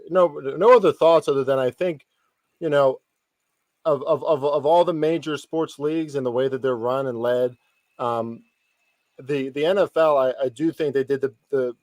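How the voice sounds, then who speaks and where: A man appears as a guest sports analyst on a casual podcast, speaking haltingly, often restarting and filling his sentences with ums. His voice is medium-pitched and a little mellow. The recording is dry.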